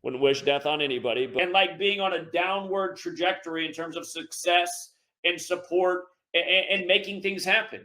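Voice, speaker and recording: Pissed off host guy swearing nonstop at callers, bright edgy tone. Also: high-pitched, level tone, normal speed. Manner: furious, cursing, insulting listeners. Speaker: call-in show host. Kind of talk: angry profane rant.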